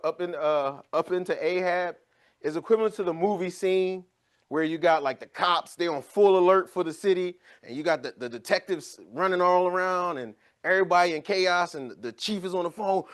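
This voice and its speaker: A man leading a Bible study in a casual teaching voice, pitched a bit above the usual for men. He tells the passage like a story and slips into little acted scenes. His delivery is conversational and animated. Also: a little fast, smooth. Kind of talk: informal teaching.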